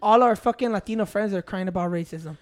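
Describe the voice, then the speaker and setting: A man's voice: high voice, fast talker. A man in casual banter, ranting and profane, dropping in Spanish words.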